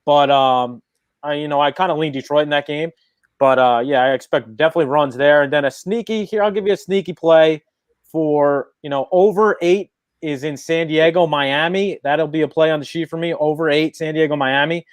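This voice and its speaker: A man with a slightly high voice giving betting picks bluntly and confidently, with casual swearing. His mic sounds close and dry. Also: normal speed, clear, resonant tone, dry recording. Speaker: baseball betting analyst.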